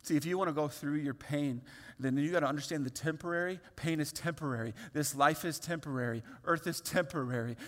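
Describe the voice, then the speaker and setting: A man, a pastor, delivering a sermon that moves from quiet reflection to loud, pleading emphasis. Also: fairly high pitch, brisk, long reverb tail.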